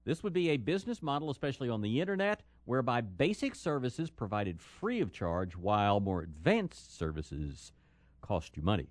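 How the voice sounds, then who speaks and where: A man hosts a casual radio chat, his pitch swinging widely as he jokes and reads items aloud. The studio sound is dry and close, with no room around him. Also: normal speed, no room sound. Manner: lively, jokey, reads items aloud with asides. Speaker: radio show host.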